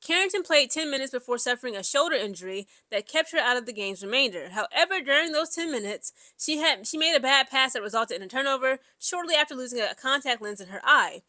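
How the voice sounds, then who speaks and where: A woman's voice: high-pitched, fast, hardly any pauses, dry recording. A young woman, giving casual, chatty sports commentary full of fillers and reading an article aloud. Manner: chatty, animated, many "like" and "you know" fillers.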